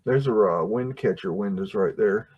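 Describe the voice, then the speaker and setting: A man with a lowish, husky voice speaks at a moderate pace over lo-fi audio. As a livestream host, he drifts casually through old photos, restarting often, using plenty of fillers and frequently chuckling.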